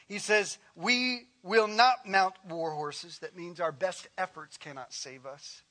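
A man preaching a sermon, telling a story and swinging from impassioned peaks down to very soft, quiet appeals. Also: sits high, lively intonation, measured pace, few pauses, faint music behind. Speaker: pastor.

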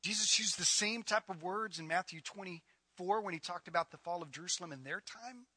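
A man's voice: sits high, fairly quick, sharp tone, no room sound. A middle-aged man preaching a sermon as pastor, emphatic and conversational, building points by repetition.

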